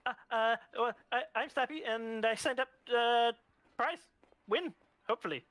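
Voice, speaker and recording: A player voicing an overexcited, bumbling male character who stammers quickly. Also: mid-range voice, dry recording, lightly acted. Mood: excited. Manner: stammering, excited.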